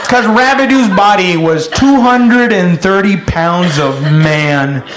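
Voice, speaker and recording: A man doing a profane stand-up routine, telling stories and shouting out loud impressions. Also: high voice, takes it slowly. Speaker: stand-up comedian. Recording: echoey room with loud noise.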